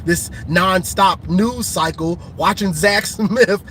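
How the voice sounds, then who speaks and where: A man with a notably high voice rants about sports on a live stream, teasing fans and laughing between lines. He takes his time, letting each jab drag out. Soft vehicle hum sits faintly in the background. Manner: teasing, laughing, drawn-out colloquial talk.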